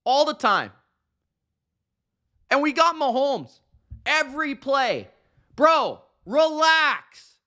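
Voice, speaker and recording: Guy ranting football on his podcast, slow drawl, sarcastic and fed up, bright edgy tone. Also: very high-pitched, big pitch swings. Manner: exasperated, sarcastic, slangy. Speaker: podcast host. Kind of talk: ranting sports commentary.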